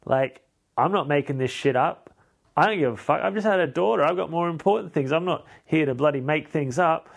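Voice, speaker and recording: A man's voice: mid-range voice, level tone, moderate pace, lightly acted. A man voicing an exasperated new father who swears bluntly. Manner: irritated, swearing.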